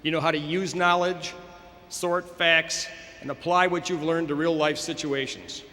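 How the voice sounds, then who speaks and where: Man giving a bright, echoing commencement speech. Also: fairly high pitch, fairly even intonation. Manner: measured, encouraging, declamatory. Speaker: school administrator giving a graduation address. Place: large hall at a graduation ceremony. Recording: echoey hall over a public address system.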